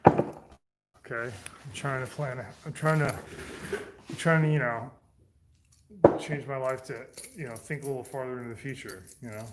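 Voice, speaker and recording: A man's voice: medium pitch, steady tone, normal speed, long pauses, very noisy. Rambling man chatting on a stream. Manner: rambling, answers chat; profane. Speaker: livestreamer. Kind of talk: casual livestream chat.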